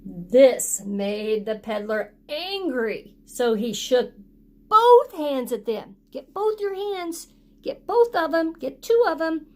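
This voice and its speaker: A woman reading a picture book aloud to children, pausing often to ask them to join in with actions. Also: high-pitched, very animated, darkish tone. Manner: interactive, prompting children to act along. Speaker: storytime reader for children.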